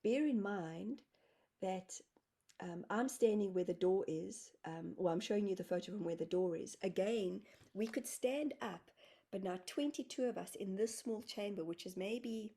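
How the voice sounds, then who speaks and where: Mellow, husky woman telling a story. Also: mid-range voice, normal speed. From South Africa. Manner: animated, acts out her own quoted words. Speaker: guest healer and spiritual medium. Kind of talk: casual storytelling in an interview.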